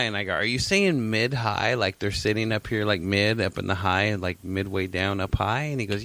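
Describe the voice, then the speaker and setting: A man's voice: on the low side, steady tone, fairly quick, few pauses, sharp tone, dry recording. A man co-hosting a podcast, telling a long, rambling story in casual chat, swearing freely and laughing often. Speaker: podcast co-host.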